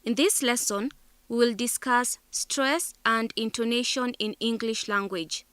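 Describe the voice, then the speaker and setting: Slow, bright-voiced woman teaching. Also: a little high, clean tone, no room sound. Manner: deliberate, spells out syllables carefully. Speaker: teacher narrator. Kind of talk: scripted lesson narration.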